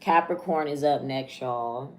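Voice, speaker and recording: A young woman doing a casual, chatty live tarot reading, slangy and quick to laugh. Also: very deep voice, darkish tone. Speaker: tarot reader.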